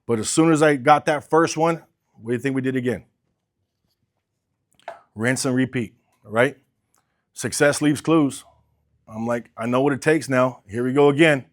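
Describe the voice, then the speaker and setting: A man telling his own story in casual, conversational talk. He swears freely, keeps tagging lines with "right?", and acts out the dialogue he quotes. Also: mid-range voice. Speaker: car business coach telling his story.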